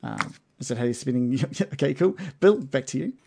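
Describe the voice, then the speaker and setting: Male game master, casual, unhurried narration, mid-pitched. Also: vocal fry, husky. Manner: relaxed, chatty, hesitant fillers.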